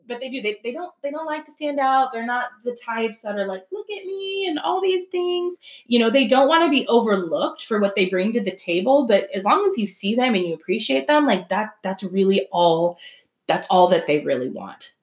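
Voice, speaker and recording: A woman in her thirties talks casually on her own podcast, chatty and lively, slipping into her friends' voices when she retells stories. Her voice sits in a middle range, and the room gives it a noticeable echo. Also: mid-range voice. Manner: chatty, animated, acts out quoted friends. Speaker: podcast host. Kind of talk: casual solo podcast talk. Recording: roomy echo.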